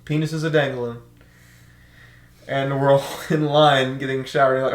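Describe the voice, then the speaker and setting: A young man on a podcast telling stories in casual chat, animated and laughing often, acting out shouted orders. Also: mid-range voice, unhurried. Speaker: podcast co-host. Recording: echoey room.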